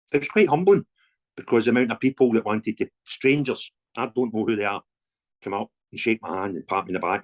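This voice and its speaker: Scottish male fan campaigner, chatty storyteller, animated delivery. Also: mid-range voice. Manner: animated anecdotes with voiced dialogue and laughs. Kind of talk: casual storytelling interview.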